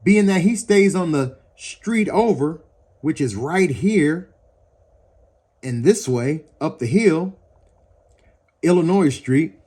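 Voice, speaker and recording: Man, slightly high-pitched, agitated, profane, outdoors. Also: lively intonation, takes it slowly, pauses often, dark tone. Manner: heated, profane, pointing things out as he talks. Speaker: person recounting a police encounter. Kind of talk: agitated first-person account. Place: outdoors in front of his house.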